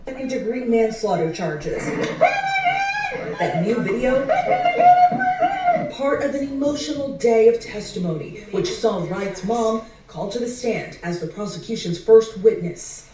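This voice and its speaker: Female news reporter, crisp broadcast read, mid pitch, echoey distant playback. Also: expressive, measured pace, crowd noise.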